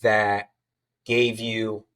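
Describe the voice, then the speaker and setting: A man's voice: on the low side, level tone, very slow, a bit bright. A man hosting an interview, a supportive listener who sums up the guest's story for the audience. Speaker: podcast host. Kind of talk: casual interview.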